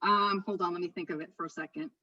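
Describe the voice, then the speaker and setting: A woman leading a live real estate training session, chatty and animated, often stopping herself mid-thought. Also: on the low side, fast talker, far from the mic, lo-fi sound. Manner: chatty, animated, self-interrupting.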